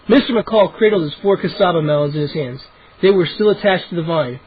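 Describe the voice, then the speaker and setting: A man's voice: fairly high pitch, a little fast, slightly rough. A man cold-reading a children's book aloud, with occasional slips and restarts, in a dull lo-fi home recording. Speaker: audiobook reader. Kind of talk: cold-read storybook narration.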